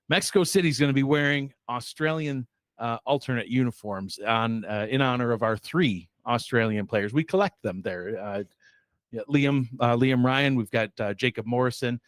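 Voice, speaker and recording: A man's voice: medium pitch, moderate pace, dry recording, clean studio sound. A man hosting a sports show in a loose, rambling way, full of fillers and self-deprecating asides. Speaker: show host. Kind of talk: casual sports show chat.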